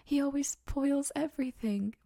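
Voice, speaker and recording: A woman's voice: high-pitched, normal speed, gravelly, mellow, no room sound, studio quality, pitched above the performer's own voice. A woman voicing a spoiled young boy bully in a storybook reading, with whiny fake sobbing. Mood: wailing.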